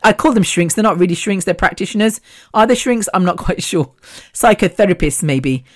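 Woman solo podcaster; loose, chatty monologue, quick laughs throughout. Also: fairly low pitch. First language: Punjabi. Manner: chatty, rambling, laughs often. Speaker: podcast host. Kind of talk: casual solo chat.

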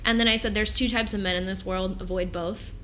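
Bright-voiced chatty woman. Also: medium pitch, brisk, slight background noise. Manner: animated, chatty, swears freely, lots of "like". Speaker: podcast co-host. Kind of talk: casual chat, film review.

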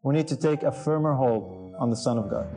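A man's voice: mid-range voice, a little fast, dark tone, soft background music, poor audio. A man preaching a sermon to a congregation in an earnest, emphatic way, often putting questions to his listeners.

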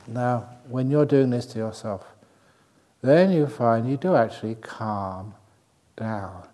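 A man giving a talk as a meditation teacher, playful and humorous, who laughs at his own jokes and shifts between slow, soft, spaced-out words and quick, high bursts to make his points. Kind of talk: spoken talk on calming the mind.

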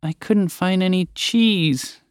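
A man voicing a large, good-natured male moose who speaks in a proud, slow, drawn-out way. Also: high voice, clear, resonant tone, no echo, studio quality, pitched above the performer's own voice. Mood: sheepish.

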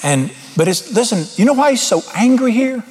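A man's voice: extremely high pitch, big pitch swings, fairly quick, darkish tone. A middle-aged man preaching an informal sermon, folksy and blunt, with sudden emphatic rises.

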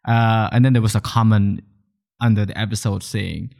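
Male podcast host, low-ish voice, loose and chatty. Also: fairly even intonation, normal speed, vocal fry, darkish tone. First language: Khmer. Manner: chatty, many restarts and "like" fillers, bursts of laughter. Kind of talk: casual interview chat.

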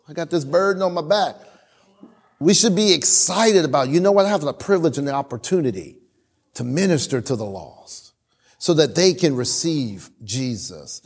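Man, pastor, church sermon, animated, repeats himself, loud bursts and quiet asides. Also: high voice. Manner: animated preaching, swings between loud emphasis and quiet asides; repeats words and restarts often.

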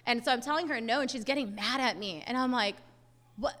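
In a church sanctuary with long hall reverb, a young Hispanic American woman tells her personal testimony as part of a sermon. She speaks casually and briskly, leaning heavily on "like" and other fillers, in a voice that sits on the high side and sounds a bit bright.

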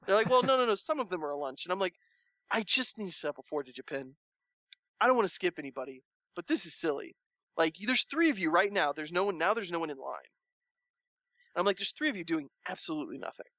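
A man chatting casually, telling a long story with animated delivery and acting out the people he quotes. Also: fast, no echo. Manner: animated storytelling, acts out quoted lines with rising pitch. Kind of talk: casual chat.

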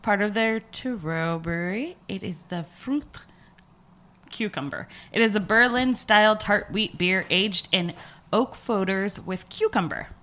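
A woman's voice: medium pitch, a little slow, a bit bright. A woman in casual podcast chat who tells anecdotes and reads out product details. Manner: chatty storyteller.

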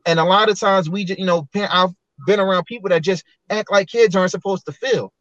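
Earnest male guest, high-pitched, reflective, dull lo-fi dry sound. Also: brisk, fairly bright tone, dry recording. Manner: earnest, reflective, many restarts. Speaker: podcast guest. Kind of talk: candid personal storytelling.

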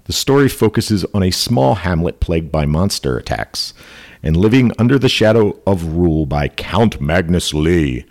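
Man, podcast host, deep voice, joking, loose, casual chat. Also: animated, a little mellow. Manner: joking, loose, reads notes in quick bursts.

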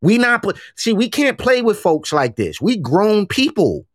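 A slightly higher-pitched man talks in loose, slangy banter and pushes his voice up when he presses a point. The sound is dry and close to the mic. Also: measured pace, dry recording. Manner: animated, casual slang, rising emphasis. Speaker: co-host. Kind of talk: political commentary chat.

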